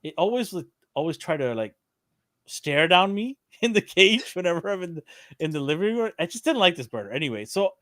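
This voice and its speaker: A man co-hosting a podcast tells a story in an animated, laughing way, acting out the voices he quotes. His voice sits a little high and swoops widely. The sound is dry and close. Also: a little fast, dry recording. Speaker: podcast co-host. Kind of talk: casual storytelling chat.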